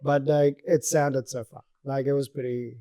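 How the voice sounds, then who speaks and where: A man's voice: medium pitch, level tone, moderate pace, dark tone. A man from Australia with an Australian accent, chatting bluntly and laughing as a podcast co-host. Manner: blunt, laughing, swears casually. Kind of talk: casual chat.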